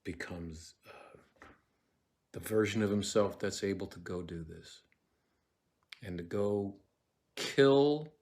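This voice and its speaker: A man giving a casual lecture on a play, retelling scenes with profane, lively asides and reciting verse lines, sometimes dropping into a whisper. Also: fairly low pitch. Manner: casual and profane, many fillers and restarts.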